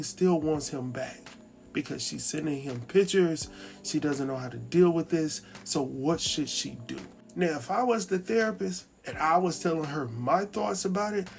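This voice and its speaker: A man's voice: a little high, creaky. Chatty man recapping a TV episode. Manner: chatty, animated, acts out characters' lines. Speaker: TV recap host. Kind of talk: casual recap commentary.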